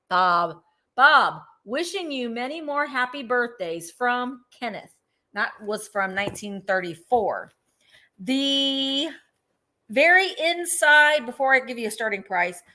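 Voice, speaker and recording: A chatty woman hosts a live vintage sale. Her voice sits fairly high and rings bright and forceful. She talks casually and walks through every item in detail. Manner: chatty, laughs easily, describes items in detail. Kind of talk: casual live-stream selling.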